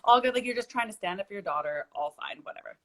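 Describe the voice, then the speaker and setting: A woman's voice: mid-range voice, quick pace. A young woman, a shop owner, telling a story as a guest on a video-call interview, acting out the people she quotes. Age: young adult. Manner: animated storyteller, acts out quoted dialogue.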